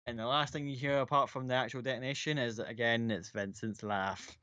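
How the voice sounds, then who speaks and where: A man's voice: mid-range voice, steady tone, a little fast, sharp tone, dull audio. A man running a tabletop role-playing game as game master, narrating casually and descriptively. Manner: casual, descriptive, full of "like" and "kinda".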